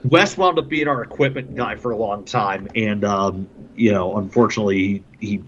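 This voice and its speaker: A man's voice: fairly low pitch, moderate pace, fairly bright tone, muffled recording, slight background noise. Chatty man telling hockey stories. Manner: laughs often while telling anecdotes. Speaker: podcast guest, hockey broadcaster. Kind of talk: casual storytelling.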